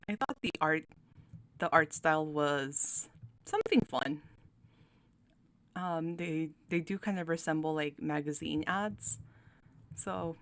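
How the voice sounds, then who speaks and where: A young woman talks casually about game cards she is ranking, slipping into giggles and restarting her sentences often. Her voice sits somewhat low but swings widely in pitch. She takes her time between phrases. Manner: chatty, giggly, with many fillers and restarts. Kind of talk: casual commentary.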